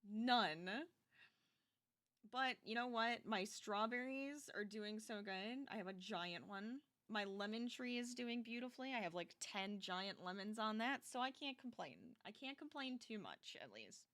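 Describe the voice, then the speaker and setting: A woman's voice: on the high side, expressive, a little slow, a bit bright. A young adult woman streaming as she crochets, chatting casually and animatedly with her viewers and laughing often.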